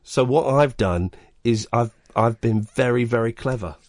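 A man's voice: mid-range voice, normal speed, darkish tone, no echo, studio quality. A man hosting a late-night radio chat show, rambling and jokey, often cutting himself off mid-sentence. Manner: rambling, jokey, self-interrupting.

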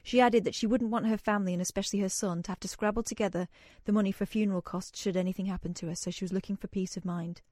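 A woman's voice: mid-range voice, steady tone, racing, hardly any pauses, a little mellow, dry recording. Woman radio host, casual chat, self-mocking, dry close studio sound. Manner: chatty, self-mocking, reads news aloud with asides. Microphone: studio microphone.

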